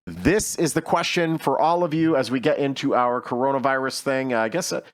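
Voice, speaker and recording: A man hosting a casual chat show, talking in an animated, rambling way with frequent restarts. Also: medium pitch, fairly quick, dry recording. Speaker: host.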